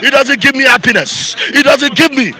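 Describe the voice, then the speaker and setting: A man's voice: very high-pitched, normal speed, bright, forceful tone, some chatter behind, rough recording. A Nigerian man with a Nigerian accent, giving an angry, repetitive rant in a street interview.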